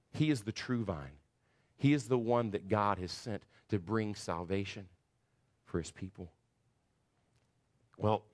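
A man preaching an expository sermon, earnest, with frequent restarts as he walks through the verses. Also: fairly low pitch. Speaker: pastor.

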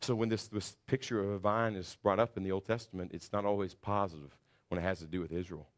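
A man with a somewhat low voice delivers an earnest expository sermon. He talks his listeners through the passage, stumbling and restarting now and then as he explains it. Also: steady tone, fast talker. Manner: earnest preaching with restarts and verse readings. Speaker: pastor.

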